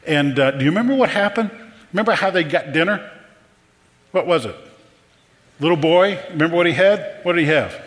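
A man's voice: fairly high pitch, lively intonation, brisk, long pauses, fairly bright tone. A man preaching a conversational sermon, repeating words and asking the audience questions. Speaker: pastor. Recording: long hall reverb.

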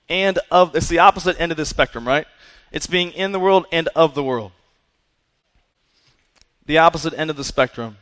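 Male youth preacher with a high voice, punchy and conversational, recorded in a big reverberant hall. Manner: energetic, repeats "right?" and "listen". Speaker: youth pastor. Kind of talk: sermon to young people.

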